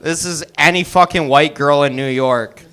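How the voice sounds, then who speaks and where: A man's voice: on the high side, normal speed, fairly bright tone, a little hiss or hum. A man doing a stand-up set, introducing bit after bit with plain setups. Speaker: stand-up comedian. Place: open mic comedy venue, indoors.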